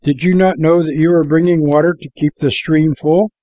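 A man voicing a gentle, kind female moon spirit in a storybook, speaking softly and invitingly. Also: a little high, steady tone, normal speed, no echo, natural voice, poor audio.

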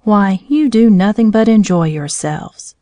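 A woman's voice: medium pitch, expressive, measured pace, dark tone, no echo, natural voice. A woman voicing a discontented little female plant root in a storybook, complaining and self-pitying.

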